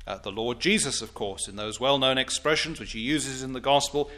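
A man preaching a sermon, deliberate and emphatic, with formal, old-fashioned wording and rising declamation on scripture quotes. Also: mid-range voice, sharp tone.

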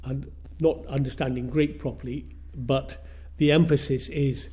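A man preaching a sermon in a measured way, repeating phrases for emphasis. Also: mid-range voice, fairly even intonation, mellow.

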